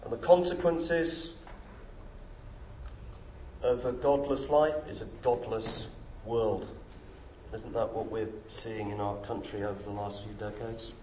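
A man's voice: slow, long pauses. A middle-aged man preaching a sermon, emphatic and full of rhetorical questions. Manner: emphatic, rhetorical questions, lively pitch swings. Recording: echoey room with faint noise.

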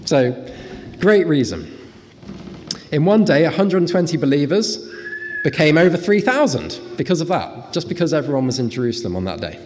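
Brief: male preacher, lively and animated, slightly high voice, church hall with long reverb. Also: moderate pace, a little hiss or hum. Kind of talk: sermon.

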